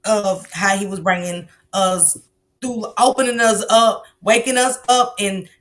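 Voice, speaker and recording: A woman's voice: mid-range voice, fairly even intonation, unhurried. Casual woman host, rambling and affirming. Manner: frequent affirming murmurs, rambling with fillers. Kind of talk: casual chat.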